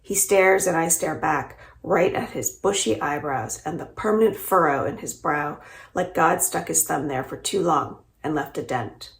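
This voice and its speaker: Lady librarian reading a kids book, low gravelly voice, echoey room. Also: moderate pace. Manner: expressive, lively storytelling. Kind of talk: reading a middle-grade novel aloud. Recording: roomy echo.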